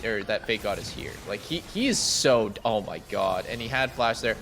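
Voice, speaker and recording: A man giving casual, excitable commentary on an esports match at a watch party, rambling and restarting often. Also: fairly low pitch, normal speed, hardly any pauses, faint music behind. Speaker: stream co-caster.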